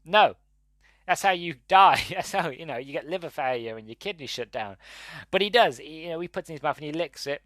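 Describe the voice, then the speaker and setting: A man's voice: a little high, expressive, brisk, fairly bright tone, no echo. A man hosting a podcast, reviewing a movie in a rambling, exasperated way with laughing asides. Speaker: podcast host. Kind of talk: casual solo movie review.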